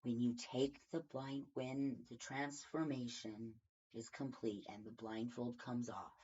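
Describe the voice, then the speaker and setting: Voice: mid-range voice, level tone, unhurried, darkish tone, breathy edge. A tarot reader giving a casual daily reading from home, rambling and thinking aloud with many fillers. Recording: dull lo-fi recording.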